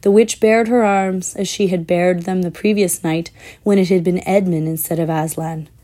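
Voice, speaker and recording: A woman reading a children's fantasy book aloud in a measured, expressive way, with the odd slip. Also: fairly low pitch. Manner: measured, expressive, with small slips. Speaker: storyteller.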